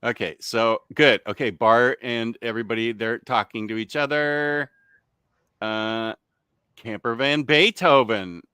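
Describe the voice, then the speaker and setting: A man's voice: mid-range voice, steady tone, a little slow, sharp tone, clean tone, no echo, studio quality. A man hosting a casual livestream, chatting and reading out comments, laughing often and losing his train of thought. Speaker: livestream host reading chat. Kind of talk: casual live chat.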